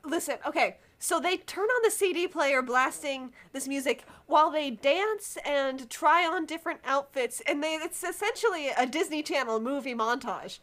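A young woman co-hosting a casual book podcast, animated and exasperated, laughing often. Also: high voice, moderate pace, hardly any pauses. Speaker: podcast co-host.

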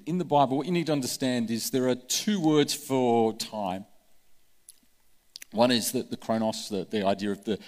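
A man preaching a sermon with passion, acting out the voices he quotes. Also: medium pitch. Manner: impassioned, acts out quoted voices. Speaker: pastor. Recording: long hall reverb.

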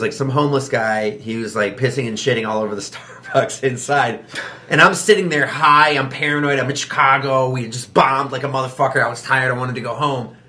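A man's voice: mid-range voice, slight background noise. Profane young male comic telling stories. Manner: profane, animated storytelling. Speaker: stand-up comic. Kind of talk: casual chat.

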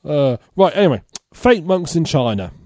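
A man's voice: a little high, big pitch swings, normal speed, a little mellow, no room sound. A man hosting a casual comedy podcast, reading out odd news stories and adding laughing asides. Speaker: podcast host.

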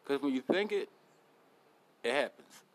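A young man runs his own podcast in a loose, unscripted monologue. His voice sits at a middle pitch, and he talks bluntly and curses freely. He switches between plugs and tough-love motivational talk. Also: expressive, unhurried. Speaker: podcast host.

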